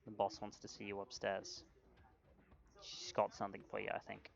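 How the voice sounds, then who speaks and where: A male bartender, as a man puts him on in a tabletop role-play, leaning in to murmur quietly and keeping his voice low and soft. The sound is dull and lo-fi. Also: monotone, takes it slowly, gravelly, exaggerated voice. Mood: hushed. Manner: hushed, murmuring.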